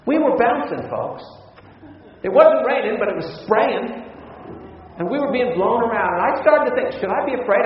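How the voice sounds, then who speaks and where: A man preaching a sermon, telling a personal story with chuckles and speaking directly to the listeners. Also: high-pitched. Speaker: pastor. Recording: echoey hall, distant mic, dull sound.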